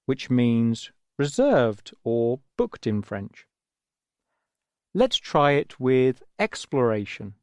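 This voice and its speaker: An English-accented man leads a children's audio lesson, patient and gentle as he explains each step. His pitch rises and falls in a lively, sing-song way. The recording is dry and close, with no room sound. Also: slow pace, smooth, no echo. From England. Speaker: language teacher.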